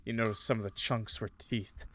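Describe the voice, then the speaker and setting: A man's voice: fairly low pitch, fairly even intonation, fairly quick, fairly bright tone. A man streaming a horror visual novel, reading it aloud dramatically with casual joking asides. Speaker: gaming streamer.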